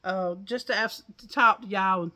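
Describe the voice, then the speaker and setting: A woman's voice: mid-range voice, a little fast, sharp tone. A woman, chatting to her viewers in a folksy, rambling way and a little out of breath. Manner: folksy, chatty storytelling with laughs. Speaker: crochet vlogger. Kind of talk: casual chat to viewers. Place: outdoors on a porch.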